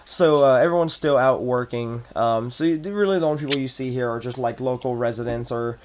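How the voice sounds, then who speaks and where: A man narrating as game master of a tabletop game, in a relaxed, rambling way. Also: mid-range voice, fairly quick, a little hiss or hum.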